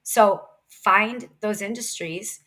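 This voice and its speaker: A woman in her thirties from Ohio, a sales expert and author, speaking as a guest in a casual, energetic podcast chat. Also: mid-range voice. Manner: energetic, quick, chatty with laughs.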